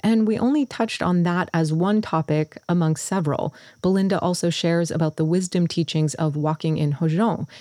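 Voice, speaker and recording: Brief: female host, low mellow voice, early-morning sound, dry close recording. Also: moderate pace, hardly any pauses, no room sound. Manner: thoughtful, earnest, talking through her thinking. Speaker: podcast host. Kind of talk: solo podcast introduction.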